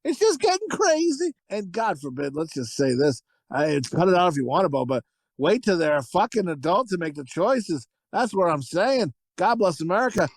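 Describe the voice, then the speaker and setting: A man riffs crudely through a movie review on a podcast, excitable and profane. His talk rambles and piles up asides, and the room around his voice stays dry and close. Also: high-pitched, moderate pace, dry recording, poor audio. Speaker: podcast co-host. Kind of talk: casual movie review chat.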